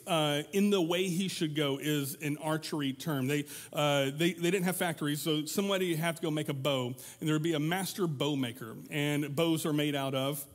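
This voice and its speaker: A man with a somewhat high voice preaches a sermon in a church. He talks to the congregation in a loose, conversational way and acts out little quoted voices to make his points. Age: adult parent. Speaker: pastor.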